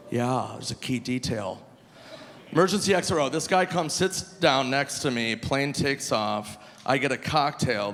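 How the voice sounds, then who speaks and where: A male stand-up comedian performing live on stage, animated and shouting his punchlines high. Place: large live comedy venue. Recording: live hall with long reverb, faint crowd ambience.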